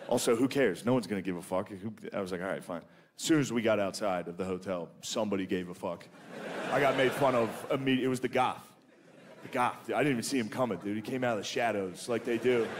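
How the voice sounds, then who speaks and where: Male stand-up, crude self-mocking storyteller, live stage mic with room noise. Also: medium pitch. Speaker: stand-up comedian. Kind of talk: stand-up set.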